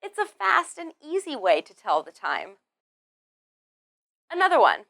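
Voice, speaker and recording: A woman teaching English pronunciation, drilling words one by one and stressing each clearly. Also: high voice, wildly swooping pitch, a little slow, fairly bright tone, no echo, studio quality. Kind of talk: slow, deliberate pronunciation lesson.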